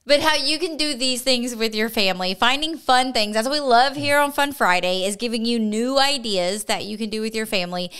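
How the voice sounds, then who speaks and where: A woman's voice: a little high, fairly quick, few pauses, fairly bright tone, smooth. A woman co-hosting a casual family podcast, chatty and giggly, with lots of filler words. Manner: giggly, chatty, says like a lot. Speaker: co-host.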